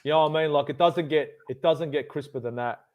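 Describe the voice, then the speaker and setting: A man's voice: fairly high pitch, fast. A man co-hosting a live football watchalong, teasing his partner in blunt, sweary banter. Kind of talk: casual live match chat.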